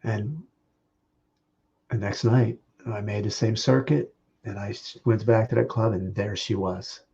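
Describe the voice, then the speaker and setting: A man sharing personal memories at a memorial, speaking in halting phrases with restarts and small laughs. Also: lowish voice, fairly even intonation, vocal fry, dark tone, breathy edge, muffled recording. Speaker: speaker giving a eulogy. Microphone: video call.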